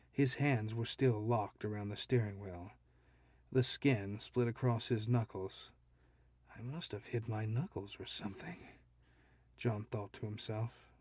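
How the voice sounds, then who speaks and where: A man reading his own fantasy story aloud at a slow, deliberate pace. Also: fairly low pitch, mellow, no echo. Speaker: audiobook narrator and author. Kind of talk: scripted fiction narration.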